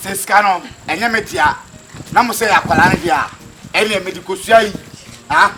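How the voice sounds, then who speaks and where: A man with a Ghanaian accent acting a loud man arguing over money in a comedy skit, insistent and mixing languages. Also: high voice, fairly quick. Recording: roomy outdoor recording with crowd noise.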